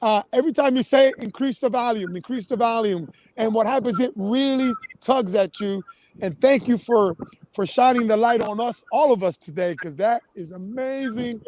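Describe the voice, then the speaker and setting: Very high-voiced upbeat male host. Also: moderate pace, a little mellow, rough recording. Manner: effusive, upbeat, leads chants. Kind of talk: live online talk show hosting.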